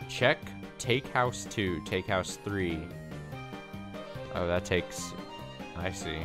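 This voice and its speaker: A man giving casual, excitable game commentary as a let's play host, with laughs and quick asides. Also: low-pitched. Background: game music.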